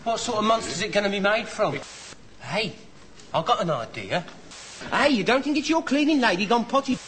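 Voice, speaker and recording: A man's voice: high-pitched, animated, moderate pace, fairly bright tone. An actor playing a cheeky young male wartime home guard private with a regional English accent, in an old sitcom clip.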